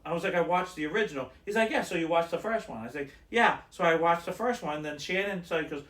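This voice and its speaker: A slightly fast, animated man with a higher, somewhat bright voice co-hosts a podcast in a reverberant room. His storytelling rambles in casual conversation, and he dramatizes the quotes of the people involved.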